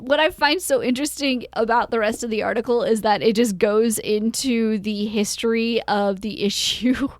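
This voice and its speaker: A woman's voice: fairly high pitch, moderate pace, hardly any pauses, dry recording. A woman co-hosting a podcast who reads a news story aloud in casual chat, giggly, trailing off, with lots of fillers. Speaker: podcast co-host.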